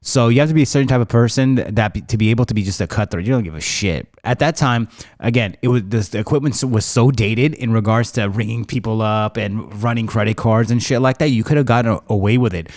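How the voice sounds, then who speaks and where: A man's voice: fairly low pitch, quick pace, darkish tone, no echo, clean studio sound. A man in his thirties hosting a podcast, telling rambling casual stories with lots of slang. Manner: rambling, slangy, says bro a lot. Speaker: podcast host. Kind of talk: casual storytelling chat.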